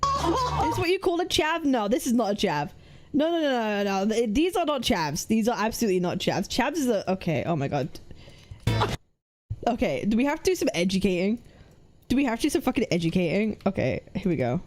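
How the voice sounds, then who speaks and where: A woman's voice: medium pitch, sing-song, brisk, darkish tone, faint music behind. A young woman from Wales, reacting on a live stream with blunt, sweary banter. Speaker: VTuber streamer.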